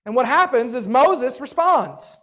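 Brief: male preacher, animated storyteller who acts out the scene. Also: very high-pitched, a little slow. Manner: animated storytelling with acted asides. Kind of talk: sermon.

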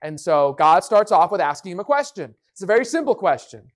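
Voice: medium pitch, sing-song, brisk. A preacher giving a sermon with a Bible reading, speaking emphatically and acting out the voices in the quotes.

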